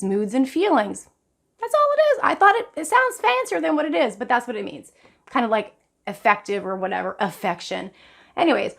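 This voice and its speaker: A middle-aged woman vlogger talking casually and earnestly to her viewers, addressing them directly and often leaping up in pitch for emphasis. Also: a bit bright. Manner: frequent sudden jumps in pitch for emphasis. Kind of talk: casual talk to camera.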